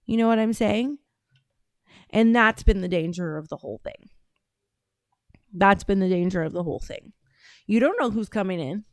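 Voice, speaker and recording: A woman hosts a casual livestream and reads chat between rants. She talks in a brash, profane, drawling way at a middle pitch. Her voice sits close and dry on the mic. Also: normal speed, pauses often, dry recording. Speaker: livestream host reading chat.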